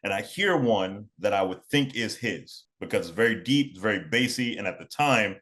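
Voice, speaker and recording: A man's voice: lowish voice, animated, moderate pace, fairly bright tone. A young man from New York telling a personal story in a laid-back, casual way, often repeating and restarting phrases. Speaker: podcast guest.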